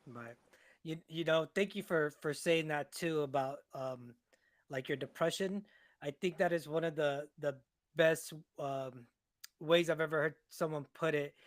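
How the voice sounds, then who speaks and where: A man hosting a casual chat, talking haltingly with fillers. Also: fairly high pitch, dry recording, clean studio sound.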